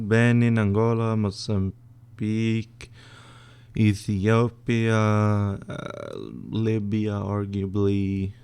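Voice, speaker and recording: A young man from northern Sweden with a Swedish accent, casually reading out and answering chat questions on a live stream, with many fillers and pauses. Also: lowish voice, a little mellow, clean tone. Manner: laid-back, reads chat questions aloud, hesitant with fillers.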